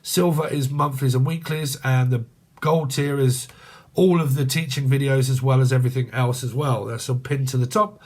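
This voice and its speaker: A man's voice: mid-range voice, steady tone, normal speed. Crude joking man reading tarot. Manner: crude joking, laughs often; rambling, chatty. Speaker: tarot reader.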